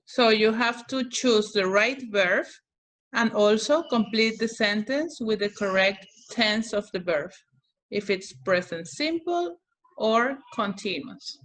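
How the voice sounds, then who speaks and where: A woman's voice: medium pitch, animated, slow, fairly bright tone. A woman English teacher running an online class over a video call, patiently calling on students by name.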